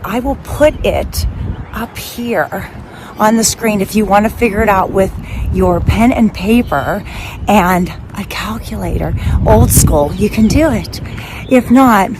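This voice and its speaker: A woman's voice: mid-range voice, noisy background. Chatty upbeat woman in her fifties vlogging. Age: 50s. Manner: chatty and upbeat, rambling with asides and fillers. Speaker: personal trainer and bodybuilder vlogger. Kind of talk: casual vlog chat to camera.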